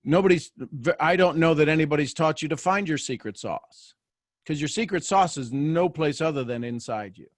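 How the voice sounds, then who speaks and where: Guy with a kinda high voice doing a motivational pep talk on a video call, joking around, restarts a lot, dry sound. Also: moderate pace, dry recording. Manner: animated and joking, with frequent restarts. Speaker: host of a motivational live show. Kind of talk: motivational talk to a live online audience.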